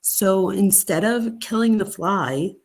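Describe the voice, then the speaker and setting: A woman in her forties from Pennsylvania, hosting a live stream in casual chat and answering viewer comments with animated stories. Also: medium pitch, slow. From Pennsylvania, United States.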